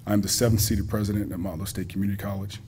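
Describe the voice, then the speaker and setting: Man, college president, banquet speech, folksy and joking, warm low voice, faint background noise. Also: flat delivery, very fast. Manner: folksy, joking, talks directly to the audience. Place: school hall at a banquet.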